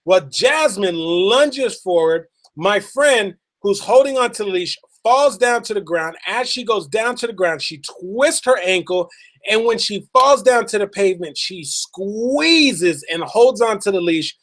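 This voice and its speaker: A man giving a motivational talk, telling a story in an earnest, emphatic way and drawing out key words slowly. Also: high voice, lively intonation, fairly bright tone. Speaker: motivational speaker.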